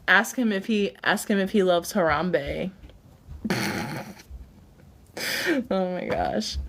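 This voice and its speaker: A woman talking at an unhurried, slow pace as she hosts a casual livestream. She chats directly with her viewers and laughs often between remarks. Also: medium pitch, wildly swooping pitch, sharp tone, slightly rough. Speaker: livestream host.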